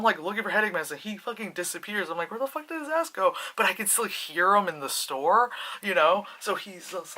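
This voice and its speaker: Vlogger doing a casual spoiler review; bright, sharp tone; rambling, swears freely, acts out the scenes. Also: medium pitch. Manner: animated, profane, acts out scenes with voices; rambling, heavy use of "like" and "you know". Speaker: film reviewer.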